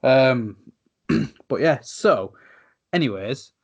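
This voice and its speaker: A man's voice: medium pitch, expressive, drawn-out words, dull audio. Chatty Yorkshire podcast host, a man. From Yorkshire, England. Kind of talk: casual podcast chat.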